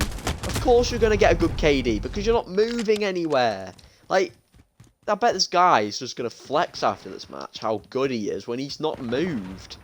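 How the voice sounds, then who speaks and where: A man's voice: medium pitch, a little hiss or hum. A young British man in his late teens, chatting and ranting casually while streaming a game, often restarting his sentences. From United Kingdom. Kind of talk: casual gaming stream chat. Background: faint game gunfire.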